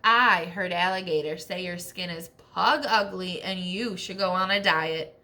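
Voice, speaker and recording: A woman voicing a nosy male armadillo who tells tales in a children's story, eager and excited. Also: on the low side, a little slow, pitched below the performer's own voice. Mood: sly.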